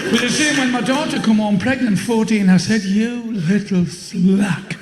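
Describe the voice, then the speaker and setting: An older man performing a blunt, swearing stand-up comedy routine with deadpan punchlines. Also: very high voice, fast talker, background noise. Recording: live show in a long-reverb hall.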